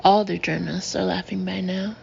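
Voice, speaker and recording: A woman reading a novel aloud in the first person, with measured, expressive storytelling. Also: fairly low pitch, vocal fry, dull audio, slight background noise. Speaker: audiobook narrator.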